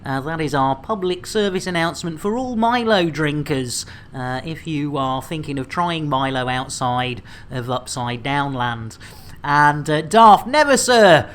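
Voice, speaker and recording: A woman's voice: low voice, animated, takes it slowly. A woman in her thirties streaming a game, chatting in a rambling, jokey way and stumbling over words with many fillers. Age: 30s. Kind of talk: casual livestream chat.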